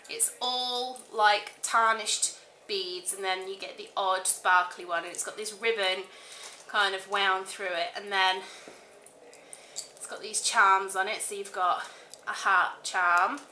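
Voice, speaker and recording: A woman's voice: medium pitch, sharp tone, slight background noise. A woman chatting casually to camera as a vlogger, gushing and chatty, with frequent fillers. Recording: echoey room.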